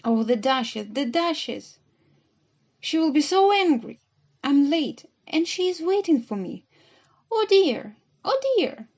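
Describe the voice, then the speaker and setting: A woman's voice: sits high, big pitch swings, measured pace, a little mellow, lo-fi sound, voice pushed up, exaggerated voice. A woman voicing a frantic male rabbit, fussing and panicky about being late.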